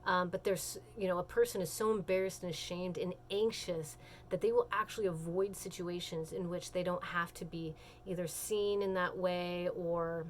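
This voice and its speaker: A woman's voice: fairly low pitch, steady tone, moderate pace, slight background noise. A woman giving a recorded class lecture in a conversational, emphatic way, with frequent fillers and self-corrections.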